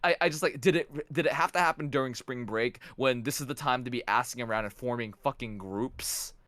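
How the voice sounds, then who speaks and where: A man's voice: medium pitch, a little fast, dry recording. A young man as a podcast guest, telling stories with many restarts and some swearing. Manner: stammering restarts, swearing, animated storytelling. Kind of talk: casual podcast chat.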